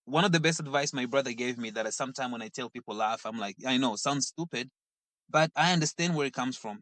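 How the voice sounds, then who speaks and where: A middle-aged man from Mozambique, a guest telling animated stories in casual conversation and acting out what his family said. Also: medium pitch, fast, dry recording. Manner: animated storyteller who acts out quoted family members. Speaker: guest, dancer.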